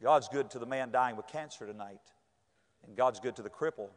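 A man's voice: mid-range voice, brisk. A middle-aged man from North Carolina, preaching a sermon full of folksy, humorous stories. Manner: folksy, lively storytelling. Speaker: pastor. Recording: echoey hall.

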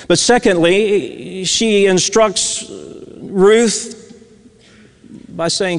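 A man preaching a sermon, telling a story and dropping to hushed tones for emphasis. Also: high-pitched, animated, moderate pace, in a large hall. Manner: storytelling, swings from loud emphasis to hushed near-whispers.

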